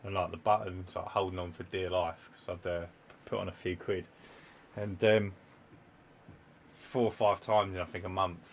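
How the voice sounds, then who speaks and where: Brief: male podcast co-host, very low voice, easygoing, casual swearing. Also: little pitch movement, moderate pace, creaky, slight background noise. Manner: laid-back, swears casually. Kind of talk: casual chat.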